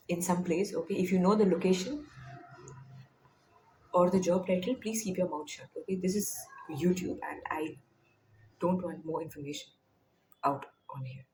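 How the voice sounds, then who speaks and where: Young woman, Indian accent, casual vlog chat, soft whispered asides, faint hiss behind. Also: fairly low pitch, normal speed, long pauses. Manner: chatty, animated retelling with soft whispered asides. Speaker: vlogger; teacher.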